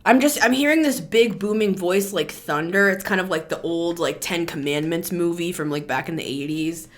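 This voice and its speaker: Speaking at normal speed in a lowish voice, this channeler offers a laid-back tarot reading. She's blunt and talkative, peppering her speech with fillers and the occasional curse.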